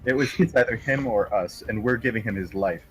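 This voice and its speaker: A man from Canada playing a tabletop game over a video call, chatty and quick to explain his plans, often restarting his sentences. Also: lowish voice, faint music behind, rough recording. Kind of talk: casual play, table chat.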